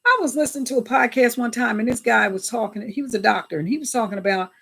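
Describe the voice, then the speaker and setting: A woman's voice: on the high side, fast, creaky, slightly rough. Chatty woman hosting a livestream. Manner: chatty, animated, greets viewers in chat; often invokes God and Jesus. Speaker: livestream host. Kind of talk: casual livestream chat.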